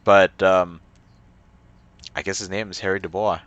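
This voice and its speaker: A man's voice: sits low, little pitch movement, unhurried, a bit bright, dull audio. A young man casually commentating a game he plays, joking and wry. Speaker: let's play gamer.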